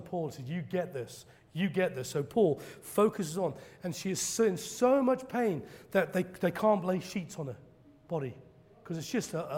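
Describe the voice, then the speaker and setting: A man preaching a sermon, telling stories dramatically and acting out quoted preachers in loud high bursts. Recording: long hall reverb.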